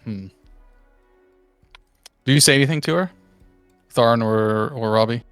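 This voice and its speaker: Young dude gm narrating the game, laid back, swears a bunch. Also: male voice, medium pitch, unhurried, clear, resonant tone, no room sound, faint music behind. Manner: relaxed, swears casually. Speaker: game master.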